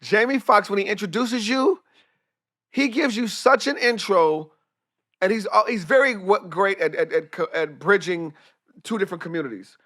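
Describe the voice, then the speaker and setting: A man with a high-pitched voice tells animated stories in a relaxed podcast conversation. He swears freely and slips into the voices of the people he describes. The sound is dry and close, with no room echo. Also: moderate pace. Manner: profane, acts out voices in his anecdotes. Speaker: guest, comedian and director. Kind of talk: animated storytelling in casual chat.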